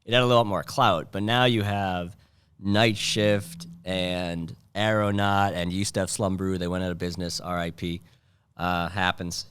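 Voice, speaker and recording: A man hosting a casual comedy podcast, rambling and sardonic, breaking into loud mocking impressions. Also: deep voice, level tone, unhurried, smooth. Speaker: podcast host. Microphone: studio mic.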